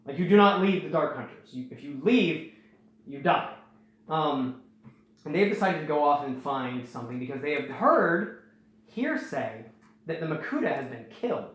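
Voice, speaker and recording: Man, casual storytelling host, rambling and animated, higher voice. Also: moderate pace. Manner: rambling, animated, acts out quotes. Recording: very echoey room.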